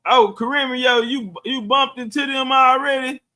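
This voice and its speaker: A man's voice: extremely high pitch, fairly even intonation, normal speed, sharp tone. A middle-aged man chatting loosely on a livestream, profane and answering viewer comments. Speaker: livestream host. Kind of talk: casual livestream chat.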